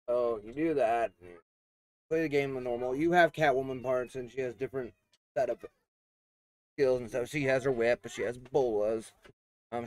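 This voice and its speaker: Rambling through a casual game review, this man fills his speech with fillers and restarts, coughing and repeatedly clearing his throat. His voice is medium-pitched with a darkish tone.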